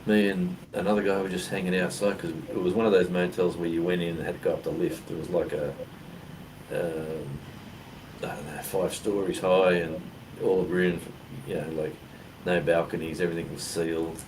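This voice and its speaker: A man's voice: low voice, flat delivery, normal speed. An Australian man co-hosting a casual chat, telling rambling stories with lots of fillers. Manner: rambling storyteller with many fillers. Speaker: co-host. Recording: distant mic with clear background noise.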